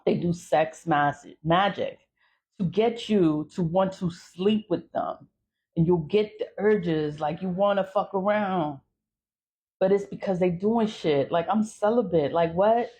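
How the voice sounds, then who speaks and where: A woman's voice: on the low side, unhurried, a little hiss or hum. A woman talking straight to camera in a blunt, profane warning rant, telling stories with lots of energy. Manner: blunt, profane, animated storytelling. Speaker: vlogger.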